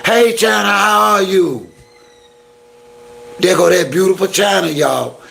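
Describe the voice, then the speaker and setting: A man's voice: high-pitched, slow pace, creaky, bright, forceful tone. A man hosting a casual live stream, chatting with viewers in playful flirty banter and blunt exasperated rants. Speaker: YouTube live-stream host.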